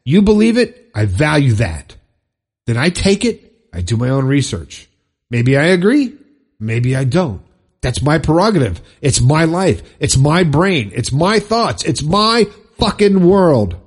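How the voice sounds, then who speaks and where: A man hosting a podcast, fired up and preachy, repeating phrases for emphasis in a husky voice. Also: on the high side, very animated, a little slow. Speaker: podcast host. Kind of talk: impassioned motivational monologue.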